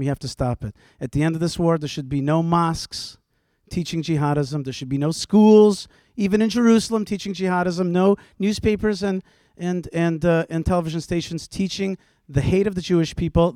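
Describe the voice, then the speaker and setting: A man speaking on a panel with a fairly high voice that rises as he presses his point. He is forceful and fires off rhetorical questions, often pausing on "uh". The sound is dry and close. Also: no room sound. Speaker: panelist, rabbi. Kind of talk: impassioned panel argument. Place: stage before a live audience.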